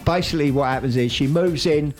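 A man's voice: fairly high pitch, fast, a little mellow, soft background music. A man in casual radio chat, rambling through a soap opera recap with slangy asides. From United Kingdom.

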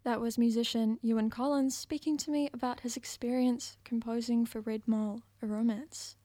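A woman's voice: fairly high pitch, steady tone, normal speed, mellow. A woman hosting a radio arts show, asking brief, tentative questions of a guest. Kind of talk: interview conversation.

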